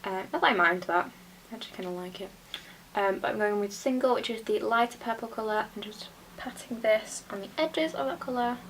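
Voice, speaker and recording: A young British woman chatting casually while doing her makeup, often dropping into soft whispers. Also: mid-range voice, fairly quick, a little hiss or hum. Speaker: beauty vlogger. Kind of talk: casual get-ready-with-me chat.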